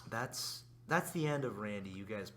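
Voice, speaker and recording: A young man co-hosting a casual podcast, with a raspy voice that cracks, joking crudely and laughing often. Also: fairly low pitch, animated, normal speed, fairly bright tone. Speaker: podcast co-host. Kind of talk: casual chat.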